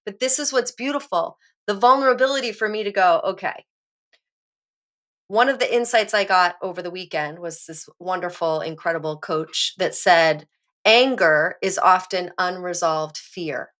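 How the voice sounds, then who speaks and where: Bright-voiced woman telling a candid story. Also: medium pitch. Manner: animated, candid storyteller who swears now and then. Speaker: podcast co-host. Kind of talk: casual chat, personal storytelling.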